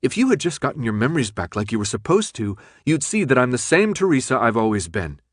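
A man's voice: medium pitch, big pitch swings, quick pace, dry recording, clean studio sound. A man reading an audiobook, voicing a young woman who pleads her case insistently. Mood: pleading.

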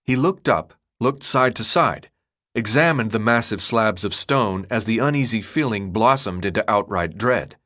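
A man narrating an audiobook in an expressive, dramatic storytelling manner. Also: fairly low pitch, normal speed. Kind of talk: scripted narration.

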